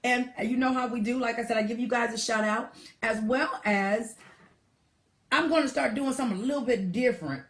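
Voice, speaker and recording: A woman's voice: on the high side, a little fast. A woman hosting a live online show, chatting casually and affectionately with viewers, calling them darling and honey and saying y'all a lot. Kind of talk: casual livestream chat reading viewer shout-outs. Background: R&B song playing softly.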